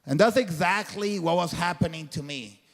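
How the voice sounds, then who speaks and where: In a long-reverberating event hall, a man with a high-pitched, fairly bright voice speaks at a moderate pace. He's a guest speaker at a motivational faith talk, addressing the live crowd earnestly, like a preacher, with colloquial wording.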